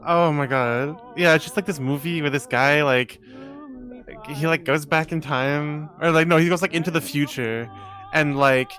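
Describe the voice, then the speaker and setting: A man's voice: fairly high pitch, fairly even intonation, normal speed, fairly bright tone, soft background music. A man chatting casually at a game table, rambling with lots of "like". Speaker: player. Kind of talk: casual chat.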